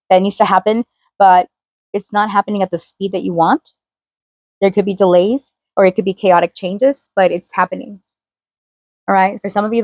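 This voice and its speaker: A woman's voice: mid-range voice, a little mellow, no room sound. Chatty woman giving a casual tarot reading. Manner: chatty, loose, heavy on fillers. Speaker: tarot reader.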